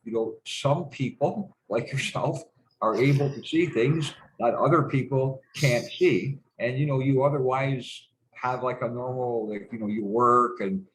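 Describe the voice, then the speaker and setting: A man's voice: medium pitch, steady tone, unhurried, rough recording. A middle-aged man telling stories as a guest in a casual conversation, rambling and hesitant, stopping and restarting, with frequent swearing. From Canada.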